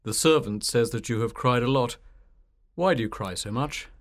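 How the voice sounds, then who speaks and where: A gentle male doctor from a storybook, voiced by a woman. The voice is pitched well down and kept quiet and calm. He asks his questions without hurry. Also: moderate pace.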